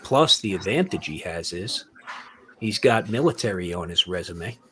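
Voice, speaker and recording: A man's voice: sits low, animated, moderate pace, bright, forceful tone, slightly rough. A man in his sixties or older hosting a casual group chat, rambling with many fillers and restarts. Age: 60s or older. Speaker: host.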